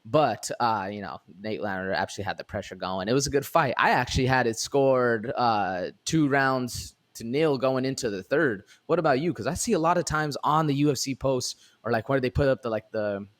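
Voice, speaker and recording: A man co-hosting a podcast, giving relaxed, rambling fight analysis, full of fillers and "man". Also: mid-range voice, normal speed, few pauses. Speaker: podcast co-host. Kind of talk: casual MMA fight analysis.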